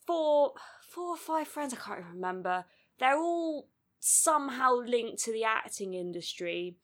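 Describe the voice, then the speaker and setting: A woman's voice: on the high side, lively intonation, measured pace, a bit bright. A woman co-hosting a podcast, chatting bluntly and animatedly about films, with plenty of fillers. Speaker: podcast co-host. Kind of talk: casual film review chat.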